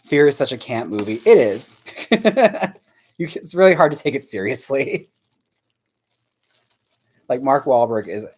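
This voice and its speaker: A medium-pitched, darkish voice with big pitch swings speaks a little slowly, with long pauses and slight background noise. The man paints dolls while hosting a livestream, chatting casually with viewers; he swears, laughs often, and rambles as he searches his memory out loud.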